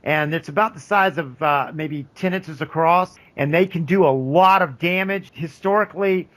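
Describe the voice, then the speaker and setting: As game master for a tabletop game, a man narrates and describes scenes, frequently restarting his sentences. His voice is on the high side and fairly bright, at a moderate pace.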